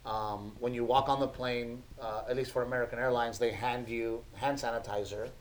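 A man's voice: medium pitch, fairly even intonation, moderate pace, poor audio. A man in his thirties, a podcast co-host, telling family stories in a casual chat, laughing often and acting out his son's lines.

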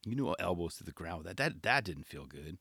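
A man in casual commentary, talking in relaxed skater slang with constant "right?" tags. His voice is bright and forceful and jumps all over in pitch. The recording is close and dry. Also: fairly quick, gravelly, husky, no echo. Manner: laid-back skater slang, animated; keeps asking "right?" and "you know". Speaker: skate video reviewer.

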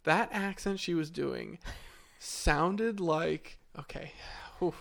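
A man's voice: fairly high pitch, slow, gravelly, a bit bright. A man co-hosting a podcast, giving a blunt, opinionated take on a movie in casual chat. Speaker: podcast co-host.

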